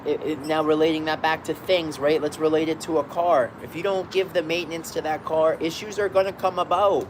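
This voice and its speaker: Upbeat man, slightly high voice, chatting casually to viewers from a balcony hammock, street sounds audible behind. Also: steady tone, fairly quick, background noise. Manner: rambling, upbeat, greets viewers by name. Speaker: live-stream host. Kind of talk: casual live-stream chat. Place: outdoors on a balcony, lying in a hammock.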